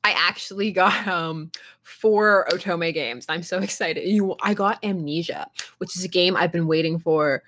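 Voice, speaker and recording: A woman's voice: fairly low pitch, normal speed, a bit bright, slight background noise. A young woman live streaming and chatting casually with her viewers, rambling and laughing often as she answers chat. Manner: reads and answers chat aloud.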